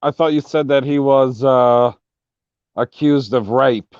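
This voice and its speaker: A man's voice: mid-range voice, fairly even intonation, takes it slowly, darkish tone, clean tone, no echo. A man co-hosting a casual podcast chat, throwing in sarcastic wisecracks. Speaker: co-host. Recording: dull lo-fi recording.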